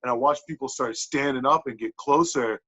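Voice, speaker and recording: A man on a podcast telling a wrestling story in casual, animated talk, swearing a lot and filling with "like". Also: medium pitch, brisk, husky. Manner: animated, profane, lots of "like" fillers. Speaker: podcast guest, pro wrestler. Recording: dull lo-fi podcast audio.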